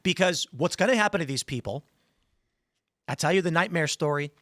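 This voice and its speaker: A man hosting a podcast, telling stories in an animated way and acting out the voices in them. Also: a little high, a little fast, dry recording, studio quality. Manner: animated storyteller, acts out quoted voices. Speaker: podcast host. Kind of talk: casual talk-show chat.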